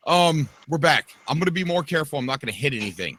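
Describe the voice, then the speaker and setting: Hyped up guy hosting a stream podcast, bright voice, pitch jumping all over. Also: dry recording. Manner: excitable, animated, quick to shout. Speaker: podcast host. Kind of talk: casual livestream chat.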